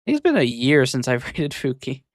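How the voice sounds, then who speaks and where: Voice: mid-range voice, huge pitch swings, brisk, no room sound, clean studio sound. A VTuber streamer chatting casually on a live stream, rambling and hesitant, often muttering to themself.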